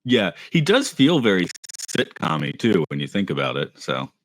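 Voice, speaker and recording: A man's voice: deep voice, huge pitch swings, moderate pace, a little hiss or hum. A man co-hosting a podcast in casual chat, rambling, correcting himself and laughing easily. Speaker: podcast co-host.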